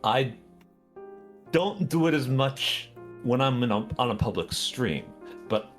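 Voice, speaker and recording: A man's voice: medium pitch, animated, slow pace, soft background music. A man from Maryland chatting on a group voice call, explaining things in a casual, matter-of-fact way. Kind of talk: casual chat.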